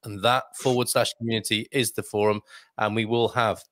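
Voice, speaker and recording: A man's voice: lowish voice, little pitch movement, brisk, fairly bright tone, no room sound. Chatty male host, dry sound. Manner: chatty, playful, reads viewer comments aloud. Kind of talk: casual livestream chat.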